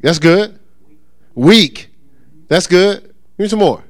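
A pastor with a high-pitched, animated voice preaches slowly in a recording with no room sound. His teaching is interactive, calling on the congregation to answer, joking with them and acting out quoted voices.

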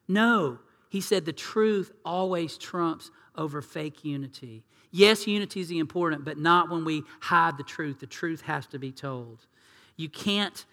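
A man's voice: on the high side, pushed and bright, big-room sound. A man preaching a sermon as pastor, earnest and conversational, dropping into acted asides. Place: church sanctuary.

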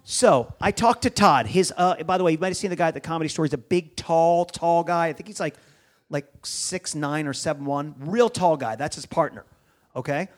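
A man with a slightly high voice tells a long story as a guest on a podcast. He is a comedian and acts out the other people's lines as he goes. He swears freely. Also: moderate pace. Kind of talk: animated storytelling.

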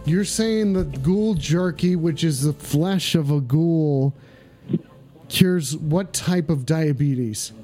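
A man hosting a comedic call-in stream, cursing constantly, excitable and bursting into shouts, slowing down for comic effect. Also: fairly high pitch, faint music behind. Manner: deliberate slowdowns for comic effect. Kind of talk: profane comedic live stream.

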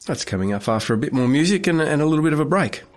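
A man hosting a faith radio show, presenting in a relaxed, chatty way with a few restarts. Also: a little high, very fast, faint music behind. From Australia. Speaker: radio host.

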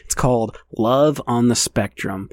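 A man's voice: mid-range voice, measured pace. A man talking bluntly and with lots of profanity in a casual podcast chat. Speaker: podcast co-host.

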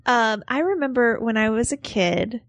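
A woman's voice: on the high side, expressive, normal speed, dry recording, highs cut off. A woman co-hosting a casual podcast, telling stories with laughs. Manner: chatty, laughing storyteller. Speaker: podcast co-host. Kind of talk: casual chat.

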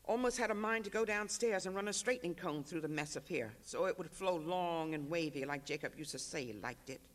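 An author reads a literary excerpt aloud at a panel. The voice sits high for a man and the narration moves at an even, rhythmic pace. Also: fairly quick. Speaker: author reading. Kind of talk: literary reading.

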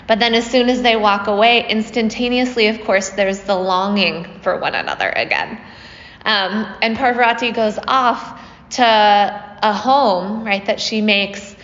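A woman retells a myth to a group in a relaxed, conversational way, checking in with her listeners as she goes. Her voice sits at an ordinary pitch for a woman. A long hall reverb trails her words on a slightly muffled, lo-fi recording. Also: unhurried. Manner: conversational, often asks "right?" with fillers. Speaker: storyteller teaching a group. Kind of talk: casual spoken retelling of a myth.

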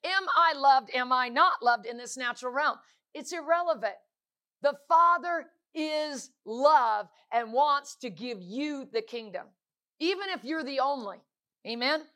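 A woman's voice: high voice, animated, unhurried, bright, forceful tone. A woman preaching a sermon, emphatic and repetitive, stacking rhetorical questions.

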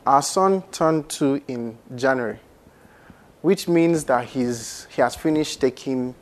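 Earnest Nigerian man preaching a sermon. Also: medium pitch. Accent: Nigerian English. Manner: earnest, conversational, builds to emphatic rises.

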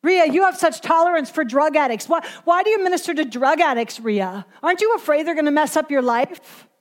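A woman's voice: high voice, lively intonation, a little fast, pitched above the performer's own voice. A woman preacher voicing a disapproving churchgoer who scolds her in a nagging tone. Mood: accusing. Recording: long hall reverb.

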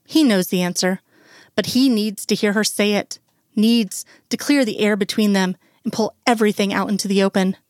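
A woman reading fan fiction aloud in a slow, soft, emotional way. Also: mid-range voice, no room sound, clean studio sound. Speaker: reader.

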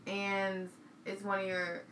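A woman with a bright, clear voice co-hosting a casual podcast, laying out hypothetical scenarios in a relaxed way. Her voice rings in an echoey room with faint noise behind it. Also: mid-range voice, takes it slowly. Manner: laid-back, sets up hypotheticals, laughs along. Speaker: podcast co-host posing scenarios. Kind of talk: casual chat.

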